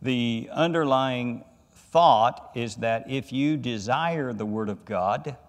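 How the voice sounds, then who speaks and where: A pastor, male and medium-pitched, delivers a Bible study sermon in a church sanctuary with a big-room sound. His scripture reading is deliberate, and his voice lifts with emphasis on the key words.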